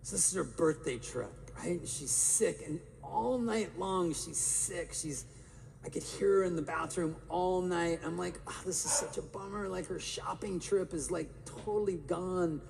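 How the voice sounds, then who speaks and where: A man giving an energetic live talk to an audience in a large hall, firing rhetorical questions at the crowd. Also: sits high, measured pace, vocal fry. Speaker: motivational speaker. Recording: reverberant live hall, faint room noise.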